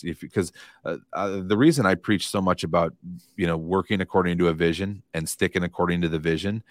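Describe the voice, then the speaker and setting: A man's voice: low-pitched, dry recording, studio quality. A man, a real estate coach, talking earnestly in a casual podcast interview, motivational and given to repeating his phrases.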